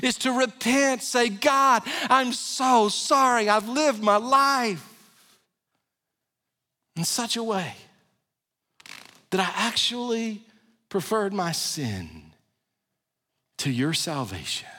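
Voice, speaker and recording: In a sermon, a pastor addresses his congregation in a high, earnest voice with lively intonation, speaking slowly and pausing often. When leading a prayer he drops into a hushed, low tone. The long reverb of a large sanctuary surrounds his words.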